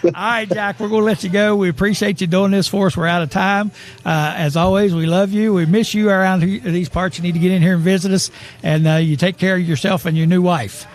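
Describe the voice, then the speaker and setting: A man's voice: high voice, fairly even intonation, brisk. Rambling male sports host. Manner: rambling, chuckling storyteller. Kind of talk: casual sports talk.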